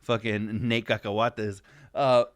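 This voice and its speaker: A man's voice: on the low side, little pitch movement, slow, dry recording. Rambling, laughing man in casual chat. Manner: rambling, laughs often, swears freely. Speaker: podcast co-host.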